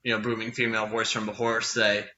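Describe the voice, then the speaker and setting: A man's voice: on the low side, little pitch movement, fast, dull audio, noisy background. A man narrating a tabletop game as game master, casual and plain.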